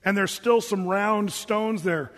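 A man preaching a sermon in a relaxed, conversational way, reading scripture and adding joking asides. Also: high-pitched, slow, long reverb tail.

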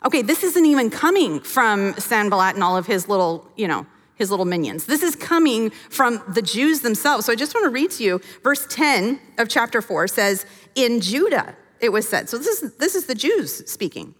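Lively woman teaching in a reverberant hall. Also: on the high side, normal speed. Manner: animated, acts out the characters' voices. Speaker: Bible teacher. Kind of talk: teaching sermon.

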